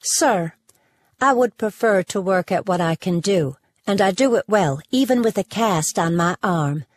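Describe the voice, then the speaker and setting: A woman reading an audiobook, voicing a prim, tense young woman with a husky voice and a faint Southern US accent. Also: medium pitch, animated, a little slow, no echo, studio quality. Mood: prim, annoyed. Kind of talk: audiobook character voice.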